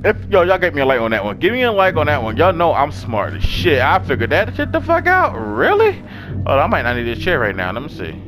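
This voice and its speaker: A man giving slangy, profane let's-play commentary, swinging between hushed nerves and loud startled reactions to the game. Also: mid-range voice, big pitch swings, quick pace, few pauses, noisy background. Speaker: gaming YouTuber.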